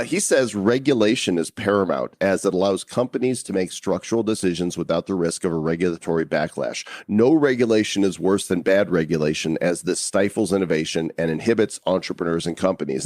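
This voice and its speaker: A man's voice: low voice, darkish tone, no echo, studio quality. A man co-hosting a podcast in casual chat, joking and laughing at his own puns. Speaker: podcast co-host.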